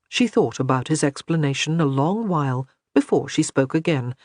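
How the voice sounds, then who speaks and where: A man narrating an audiobook in a measured, expressive reading. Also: a little high, dry recording, clean studio sound.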